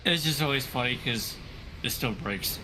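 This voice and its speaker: A man's voice: mid-range voice, expressive, moderate pace, noisy background. A man co-hosting a casual livestream chat, teasing and laughing often. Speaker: podcast co-host.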